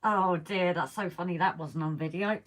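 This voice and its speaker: Hobby live-stream host: a low-pitched woman who chats casually while she works and is losing her voice. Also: steady tone, normal speed, fairly bright tone. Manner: chatty, talks while working, reads out viewer comments. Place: indoors at a model railway layout.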